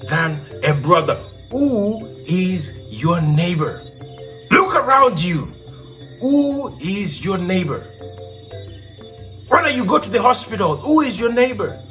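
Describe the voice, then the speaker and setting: A man's voice: high voice, a bit bright. A man from Kenya hosting a storytelling show, telling a moral tale and pressing his point with repeated rhetorical questions.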